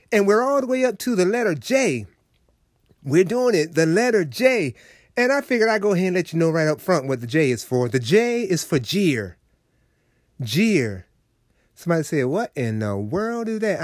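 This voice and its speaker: Man, radio preacher, high voice, folksy preachy delivery addressed to listeners. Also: dry recording, studio quality. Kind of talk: sermon.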